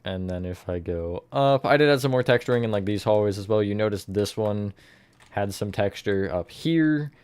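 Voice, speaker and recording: A man's voice: lowish voice, moderate pace, darkish tone, clean tone, no echo. A man chatting casually on a live stream as he builds in a game, thinking aloud and greeting viewers from the chat.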